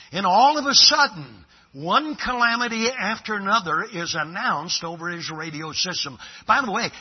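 A husky, fairly high-voiced man preaching a revival sermon. He tells stories, dropping to a hush and then rising to emphatic lines. The recording sounds dull and lo-fi. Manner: storytelling, swinging between hushed and emphatic.

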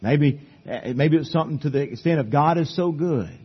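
A male pastor preaching a sermon at a church service, emphatic, swinging between loud declarations and hushed asides. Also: fairly high pitch, a little fast, slightly rough, highs cut off.

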